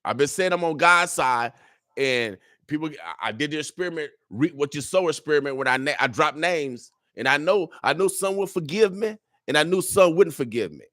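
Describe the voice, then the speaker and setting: A man's voice: on the high side, expressive, normal speed, a bit bright, no room sound. Preachy older man, dry studio voice. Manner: preachy, repetitive, joking, street talk. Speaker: radio talk guest. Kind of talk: casual radio monologue. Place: radio studio. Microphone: studio microphone.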